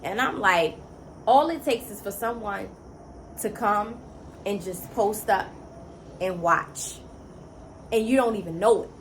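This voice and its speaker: A woman's voice: medium pitch, unhurried, long pauses, slight background noise, poor audio. A woman vlogger, a single mother, recounting a personal story in an emotional, emphatic, conversational way. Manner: emotional, emphatic, repeats words for stress; conversational, many "you know" fillers.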